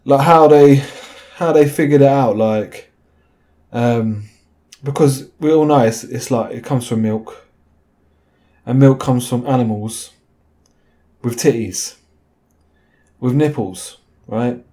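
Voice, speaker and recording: A man hosts his own video in a loose, chatty monologue. He wanders off on tangents and keeps asking "right?" Despite the fillers his voice sounds mellow. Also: medium pitch, slow, pauses often. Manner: chatty, tag questions like "right?", many fillers. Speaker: video host. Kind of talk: rambling casual monologue.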